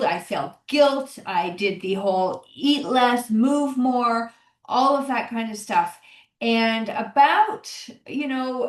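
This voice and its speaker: Higher-voiced woman, roomy distant sound. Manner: encouraging, conversational, repeats key phrases. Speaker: podcast host, health coach. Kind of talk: solo podcast monologue.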